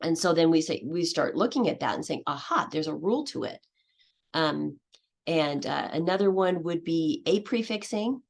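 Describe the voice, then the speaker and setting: A woman's voice: low-pitched, expressive, normal speed, creaky. A woman giving a conference presentation on teaching, explaining step by step and acting out what her students say. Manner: explanatory, acts out student voices.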